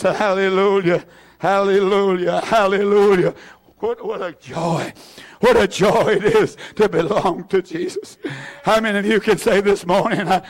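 A man preaching an impassioned sermon in a church, tearful, swinging from shouts to hushed asides. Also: high voice. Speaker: pastor.

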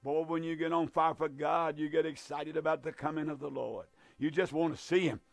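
A man preaching a fervent sermon, emphatic and repetitive, with drawn-out stresses. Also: fairly high pitch, steady tone, vocal fry, no echo.

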